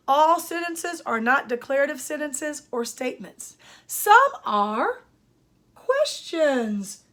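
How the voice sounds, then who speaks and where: An older woman, a speech-language pathologist, giving a grammar lesson at a whiteboard and speaking slowly and with emphasis. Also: high voice, sing-song, fairly bright tone. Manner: slow, emphatic teacher talk. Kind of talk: grammar lesson for parents and students.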